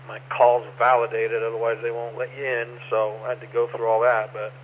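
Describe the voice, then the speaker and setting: An easygoing man talks plainly and matter-of-factly, his voice at a middle pitch. The sound is dulled by a radio link, and faint noise sits underneath. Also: completely flat delivery, brisk, muffled recording. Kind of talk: casual radio chat.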